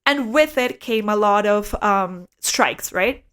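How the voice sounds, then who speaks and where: A young adult woman telling a story as a podcast co-host, animated, swearing freely and saying "like" a lot. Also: mid-range voice, takes it slowly, clear, resonant tone. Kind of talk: casual storytelling chat.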